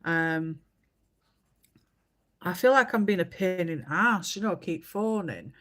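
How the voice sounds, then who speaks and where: A woman's voice: on the low side, lively intonation, unhurried, a bit bright. A woman, chatting casually on a livestream and telling stories with many fillers. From England. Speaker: livestream host. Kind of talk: casual chat while colouring.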